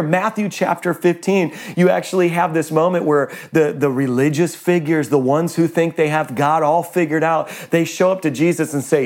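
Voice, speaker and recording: Fervent male pastor, higher voice. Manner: fervent, exclamatory preaching with bursts of laughter. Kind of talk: livestreamed sermon.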